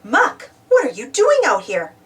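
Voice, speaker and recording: A woman's voice: high-pitched, wildly swooping pitch, normal speed, a bit bright, recorded from a distance, exaggerated voice. A woman voicing a kind, reassuring man who leads a building crew, a little away from the mic. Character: kind, calm adult male builder in charge.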